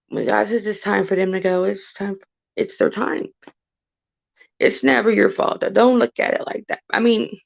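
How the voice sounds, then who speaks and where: Gravelly-voiced woman chatting on a stream. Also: medium pitch, dull audio. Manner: halting, with restarts and repeated phrases. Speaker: live streamer. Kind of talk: casual storytelling on a livestream.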